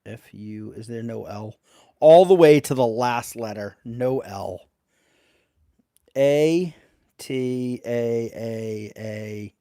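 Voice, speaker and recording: New male live-streamer, gravelly, slow and chatty, greets viewers, dry close sound. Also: medium pitch, dark tone, no echo. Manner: reads letters aloud while greeting chat viewers. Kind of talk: casual live-stream chat.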